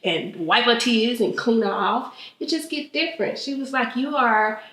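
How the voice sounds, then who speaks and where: Animated woman in her thirties. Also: on the high side, moderate pace. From Texas. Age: 30s. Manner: animated, laughing storytelling. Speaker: vlogger host. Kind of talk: casual storytelling chat. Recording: echoey room.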